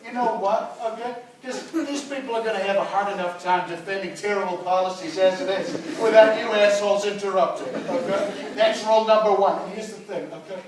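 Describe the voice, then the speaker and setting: A man's voice: sits high, a little fast, hardly any pauses, crowd noise, natural voice. A man doing a stand-up impression of a boastful, blustering older American politician as MC of a student debate, in a put-on American accent, bragging and tagging nearly every line with "okay?". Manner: bragging, repeats "okay?" and "let me tell you". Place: university lecture hall. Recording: echoey hall, distant mic, noisy.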